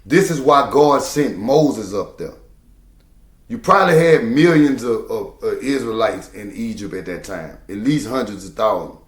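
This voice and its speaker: A man who drives trucks gives a casual monologue to camera, preachy and emphatic, repeating phrases to hammer his points. His voice is on the low side, expressive and a little slow, with a roomy sound.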